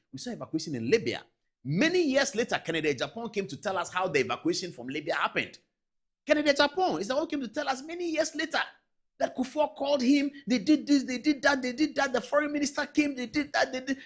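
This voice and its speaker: A man with a Ghanaian accent, a TV show host giving animated political commentary. He talks straight to the viewers in an emphatic, exasperated way and mixes English with Twi phrases. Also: very high-pitched, fast, slightly rough.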